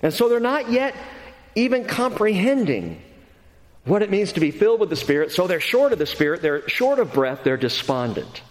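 Man, pastor, lively sermon, somewhat high voice, big swings in pitch, acts out quotes, long hall reverb. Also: normal speed.

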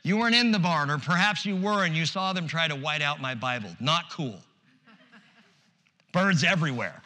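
A man preaching an expository sermon as pastor, animated and conversational, with humorous asides. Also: on the high side, big-room sound.

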